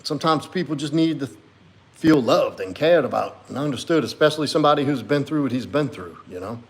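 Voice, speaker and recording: A man's voice: mid-range voice, expressive, fairly quick. A man hosting a casual livestream as a men's coach, reading viewer comments aloud and reflecting on them earnestly.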